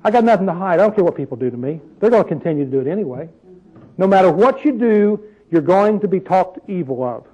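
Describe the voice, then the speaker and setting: A man's voice: sits high, animated, fast, dark tone, breathy edge, lo-fi sound. A man preaching a sermon in a conversational, emphatic way, full of rhetorical questions.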